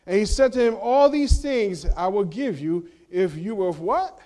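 In a church sanctuary, a male pastor gives a sermon at normal speed, his pitch swinging widely. He asks the congregation rhetorical questions, shifting from loud emphasis down to hushed, low-voiced sections.

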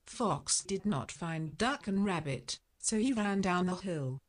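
A woman reading a children's picture story aloud in a slow, deliberate way for learners. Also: fairly low pitch, animated. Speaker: storybook reader.

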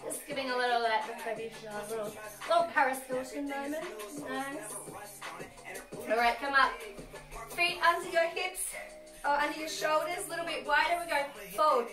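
A woman's voice: high-pitched, moderate pace, far from the mic. An Australian woman leading a comedic workout class livestream, cheeky and sassy as she coaches the moves while exercising. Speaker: fitness instructor. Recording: roomy, off-mic, music behind. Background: workout music.

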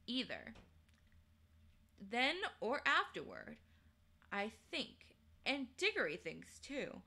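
A woman streamer reading a children's novel aloud in a measured, unhurried way. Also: mid-range voice, bright, forceful tone. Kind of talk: storybook read-aloud.

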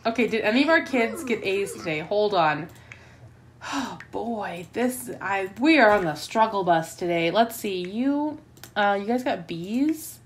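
Woman, gameplay commentary, chatty, melodramatic, easily flustered, medium pitch. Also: expressive, measured pace, a little hiss or hum. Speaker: let's play host.

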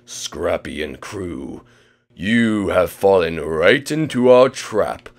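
A man playing a scheming male villain who gloats slowly and theatrically about his trap and his minions. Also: low voice, lively intonation, heavily acted. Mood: gloating. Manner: gloating, slow and theatrical, then frantic yelling.

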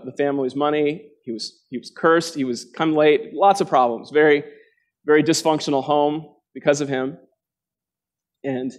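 Earnest man preaching to a congregation. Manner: earnest, asks the listeners direct questions; dramatic quotes with sharp jumps in pitch. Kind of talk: sermon. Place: church gathering before a live congregation.

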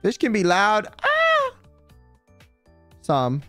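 Brief: male streamer, high and bouncy voice, smooth and dry, rambling profane chat over faint music. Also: moderate pace, dry recording. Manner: rambling, profane, heavy use of "like"; animated, dramatic emphasis. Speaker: livestream host.

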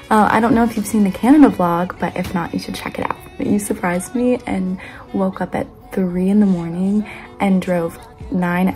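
Mellow, gravelly young woman, affectionate. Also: mid-range voice. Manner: affectionate, giggly, a bit embarrassed. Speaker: friend sending a birthday message. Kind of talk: heartfelt recorded birthday message.

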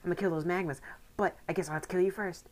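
A woman's voice: on the low side, fairly even intonation, racing, darkish tone, slight background noise, voice pushed up, lightly acted. Archie, a woman reading as a hotheaded gang boss. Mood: angry. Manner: angry ranting.

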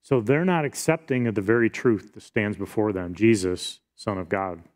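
A man's voice: fairly low pitch, normal speed. A pastor, a middle-aged man, preaching a sermon and reading scripture aloud in an earnest, explanatory way.

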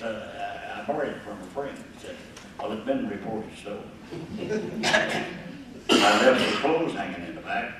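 Older guy with a low voice, chuckling through a story, sounds far from the mic in a big echoey room. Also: expressive, unhurried, pauses often, background noise. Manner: chuckling, folksy, acts out the voices in his stories. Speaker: guest storyteller at a gathering. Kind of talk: rambling anecdote told to a live group.

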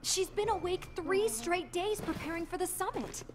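A woman playing a calm, regal adult female pony ruler who speaks in a gentle, measured way. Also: very high-pitched, over loud music. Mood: concerned.

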